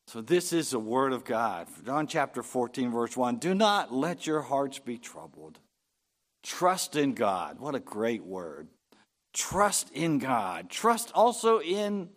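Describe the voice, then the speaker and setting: A man preaching a sermon, reading scripture aloud and rising in pitch and force on key phrases. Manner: unhurried preaching, swelling louder and higher on key phrases. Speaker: pastor.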